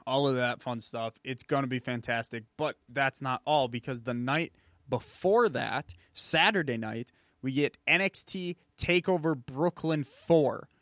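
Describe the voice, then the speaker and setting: A man's voice: mid-range voice, unhurried, fairly bright tone, dry recording. A man with a mid-range voice talks in casual, upbeat podcast chat. The recording is dry and close, with no room sound. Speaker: podcast co-host.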